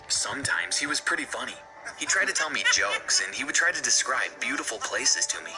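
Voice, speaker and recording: A man reading a scripted first-person story in an earnest, steady way for an animated video. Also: mid-range voice, brisk, poor audio. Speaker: narrator. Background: background music.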